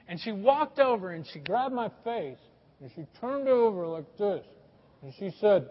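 Male pastor, sermon, high voice, lively pitch swings, long hall reverb, dull sound. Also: brisk. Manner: animated storytelling with a lot of pitch swings.

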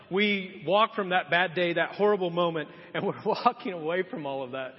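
Speaking fairly quickly with few pauses, a high-voiced pastor recounts a story in his sermon, acting out the voices of the people in it. The church hall recording sounds muffled and reverberant.

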